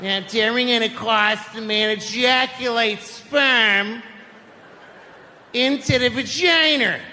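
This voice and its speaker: A man voicing a blunt woman schoolteacher giving a sex-ed lesson, getting louder and more exasperated as she goes. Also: extremely high pitch, slow, long reverb tail, a little hiss or hum, pitched above the performer's own voice, exaggerated voice. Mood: blunt, escalating. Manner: loud, blunt, mounting to a shout. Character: brash Boston woman schoolteacher teaching sex ed.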